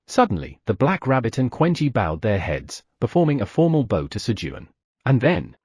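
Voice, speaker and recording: A man narrating an audiobook, telling the story with lively sound effects. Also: medium pitch, fairly quick, slightly rough, no echo, studio quality.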